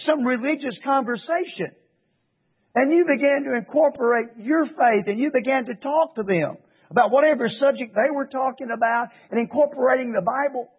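A preacher with a strikingly high, husky male voice fires impassioned rhetorical questions at his congregation. The audio is thin and tinny, as if heard over a phone line. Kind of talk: sermon. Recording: tinny phone-like radio broadcast.

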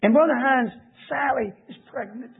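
A man's voice: very high voice, vocal fry, slightly rough, full character voice. A man voicing an imagined sentimental churchgoer who drags out a self-pitying lament. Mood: mawkish. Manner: mawkish, drawn-out complaining. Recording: tinny phone-like audio.

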